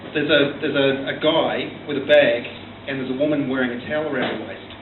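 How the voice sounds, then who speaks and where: A man's voice: mid-range voice, fairly even intonation, fairly quick, echoey room. Hesitant Australian man doing stand-up. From South Australia. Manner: hesitant, full of ums and restarts, dry storytelling. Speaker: first-time stand-up comedian. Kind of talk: stand-up comedy set. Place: small comedy bar stage. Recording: tinny distant room recording with hum.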